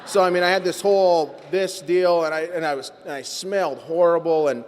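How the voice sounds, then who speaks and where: A man speaking at a recovery meeting, telling his personal story in an animated, self-mocking way. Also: fairly high pitch, brisk. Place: meeting hall. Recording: long reverb from a large hall.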